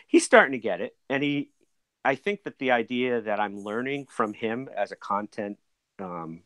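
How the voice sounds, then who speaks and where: A man's voice: mid-range voice, expressive, normal speed, fairly bright tone, no room sound. A man in his forties, a podcast guest, talking in a rambling way with many restarts and fillers. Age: 40s. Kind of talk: casual conversational interview.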